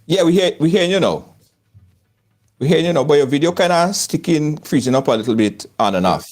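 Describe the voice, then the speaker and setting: This host from Trinidad has a high-ish, darkish voice with lively intonation and a slightly fast pace. Speaking with a Trinidadian accent, he runs a lively live talk show via video call, laughing often and saying things twice.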